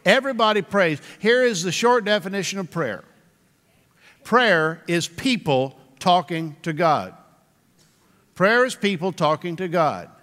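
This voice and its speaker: High-voiced man preaching in a hall. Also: animated, fairly bright tone. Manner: conversational preaching with slow emphatic repetitions. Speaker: pastor. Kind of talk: sermon.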